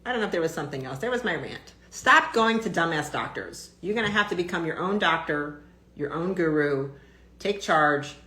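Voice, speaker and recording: A woman's voice: low voice, fairly bright tone, echoey room, slight background noise. A woman doctor ranting bluntly on a casual live stream, swearing freely and talking with lots of fillers and restarts.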